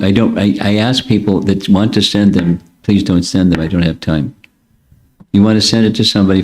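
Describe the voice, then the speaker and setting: A man's voice: low voice, darkish tone. An older man, a spiritual teacher, answering students' questions in a blunt, curt way. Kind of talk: casual Q&A with students.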